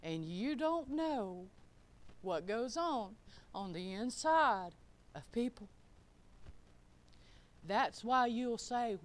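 A middle-aged woman preaching a sermon in a folksy, emphatic way, swinging from loud declarations to quiet, chuckling asides. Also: on the high side, animated, extremely slow, long pauses.

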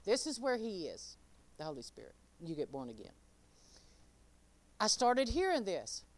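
A woman preaching an informal sermon and giving her testimony. She talks straight to the crowd and swings between soft, quiet asides and loud, emphatic lines. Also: mid-range voice, wildly swooping pitch, normal speed. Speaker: speaker giving a testimony and teaching.

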